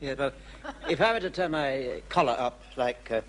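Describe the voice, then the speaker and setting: An actor playing a mild, languid sergeant who speaks hesitantly. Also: male voice, mid-range voice, moderate pace, fairly bright tone, slight background noise, close to an everyday voice. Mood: diffident.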